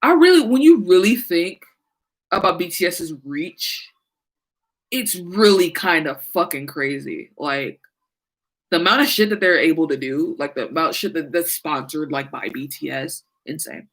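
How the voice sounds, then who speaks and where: A woman's voice: low voice, animated, moderate pace, low-quality recording. A woman talking casually and animatedly about music, laughing often and swearing freely. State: sleepy, yawning. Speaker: podcast host. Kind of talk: casual chat.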